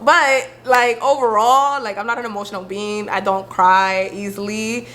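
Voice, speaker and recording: Young woman, candid vlogger, sassy and expressive, mid pitch, faint hum. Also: normal speed, hardly any pauses. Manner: animated, sassy, acts out friends' voices. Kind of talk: candid talk to camera.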